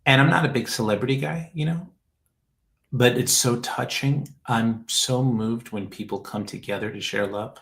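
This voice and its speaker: A man's voice: mid-range voice, normal speed, gravelly, a bit bright, rough recording. A man hosting a casual chat show, talking in a rambling, heartfelt way that trails off and restarts often.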